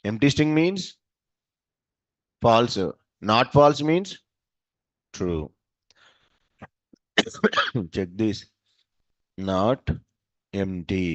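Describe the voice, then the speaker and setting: A man's voice: fairly low pitch, expressive, extremely slow, long pauses, no echo. A male programming teacher, running a class by asking short questions and answering them himself. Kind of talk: live coding class. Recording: dull, dry lo-fi sound.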